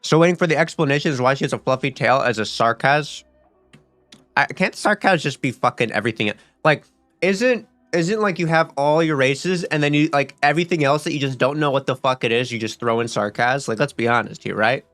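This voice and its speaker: A man's voice: medium pitch, brisk, a bit bright, dry recording. A young man talks his way through a game in loose, rambling commentary, cursing freely and tripping over his own restarts. His voice sits in a middle register and sounds close and dry, with faint music playing underneath. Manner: rambling and profane, with many fillers and restarts. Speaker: gaming streamer. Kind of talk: casual gaming commentary.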